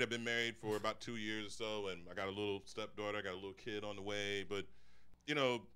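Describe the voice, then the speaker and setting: A man's voice: on the low side, sharp tone, clear, resonant tone. A young adult man doing a stand-up comedy set, telling stories with lots of profanity and talking straight to the audience. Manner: profane, conversational storytelling; addresses the audience directly.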